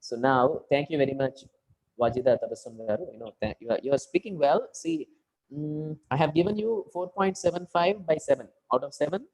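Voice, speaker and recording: A man's voice: a little high, darkish tone, low-quality recording. A man with an Indian English accent coaching an online speaking class. He gives long, explanatory feedback over a video call and leans on "you know" and "okay, right.".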